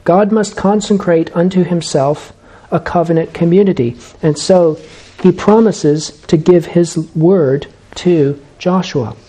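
Guy preaching a sermon, kinda high voice but soft and warm, slow and emphatic on the big lines. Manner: measured, emphatic, slows for key phrases.

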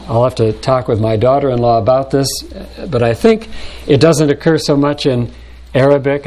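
Older male pastor, sermon, slightly high voice, deliberate pacing, clears throat. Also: darkish tone. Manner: measured, deliberate delivery with frequent throat clearing.

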